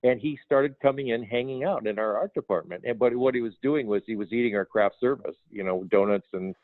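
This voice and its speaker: A man's voice: mid-range voice, fairly quick, dry recording. Older man telling stories over a tinny line. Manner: animated anecdotes, acts out quoted dialogue. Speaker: guest, film production designer. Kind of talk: storytelling interview. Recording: tinny phone line, dry.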